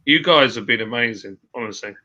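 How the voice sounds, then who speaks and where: A man's voice: medium pitch, fairly quick, sharp tone, lo-fi sound. A man hosting a casual live stream, chatting with a friend, joking and reading out viewer comments. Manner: chatty, jokey, rambling.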